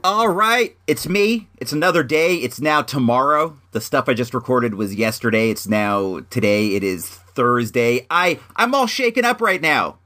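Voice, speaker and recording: A man's voice: medium pitch, sing-song, normal speed, few pauses, bright, forceful tone. A young man telling a story in a casual, rambling monologue, often restarting his sentences. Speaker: vlogger.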